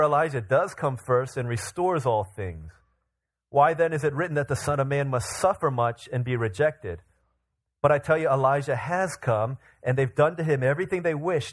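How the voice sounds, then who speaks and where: Man preaching a sermon. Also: medium pitch. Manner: reads scripture with lively voiced quotes, then explains conversationally. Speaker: pastor. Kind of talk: sermon with scripture reading.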